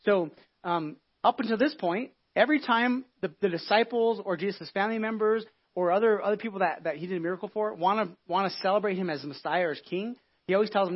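A man preaching a casual, conversational sermon as a pastor, telling the story in an animated way with many restarts and asides. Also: high voice, very fast, slightly rough, dull audio. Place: church.

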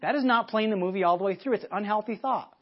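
A man's voice: high-pitched, fast. A man from the United States preaching a sermon in a conversational way, acting out people's thoughts as he goes. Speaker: pastor. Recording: dull lo-fi sermon audio.

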